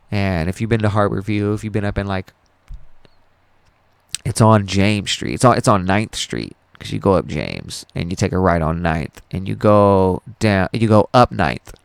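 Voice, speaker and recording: A young man with a low, gravelly voice talks through a painful memory. He rambles, swears freely and trips over his own words. His voice is smooth and resonant, and the recording is dry and close. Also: no room sound. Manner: rambling, profane and emotional, with many restarts. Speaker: podcast host. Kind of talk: casual personal storytelling.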